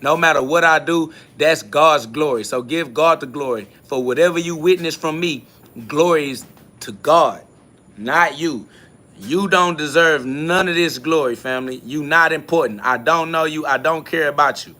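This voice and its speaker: Guy hosting his own spiritual podcast solo, blunt and cussing a lot, kinda high bright voice, keeps repeating himself. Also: normal speed. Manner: blunt, profane, confrontational, repeats catchphrases. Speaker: podcast host. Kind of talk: solo spiritual podcast monologue answering comments.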